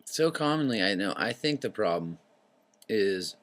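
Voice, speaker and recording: Low-pitched male host, meandering casual monologue, profane, keeps clearing his throat. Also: big pitch swings, normal speed, a bit bright. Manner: wandering, tangent-prone, swears freely, clears throat often. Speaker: show host.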